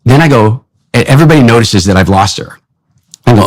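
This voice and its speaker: A male guest telling stories in conversation, acting out the dialogue of his anecdotes with lively delivery. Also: medium pitch, fast, no room sound, poor audio. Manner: animated, acts out his own dialogue in anecdotes. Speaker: guest speaker. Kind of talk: conversational storytelling.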